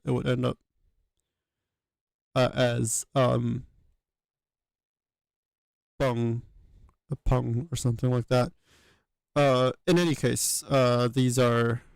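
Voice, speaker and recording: A man's voice: medium pitch, gravelly, darkish tone, no echo. A man thinking aloud as he works, hesitant, with many fillers and self-corrections. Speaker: channel host working through a reconstruction. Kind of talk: thinking aloud while working.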